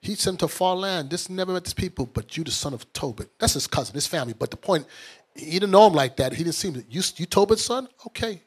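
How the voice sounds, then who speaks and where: A man leading a bible study, explaining scripture in lively colloquial talk and acting out the characters. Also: on the high side, quick pace, breathy edge. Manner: animated, colloquial, acts out characters in street talk. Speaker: bishop teaching scripture.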